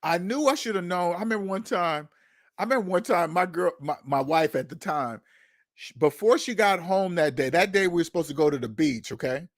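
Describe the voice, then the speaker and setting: A man hosting a casual talk show, telling stories in an animated, profane way, laughing at himself and acting out what others said. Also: high-pitched, a little fast, no room sound, studio quality. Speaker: podcast host. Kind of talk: casual storytelling monologue. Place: Seattle.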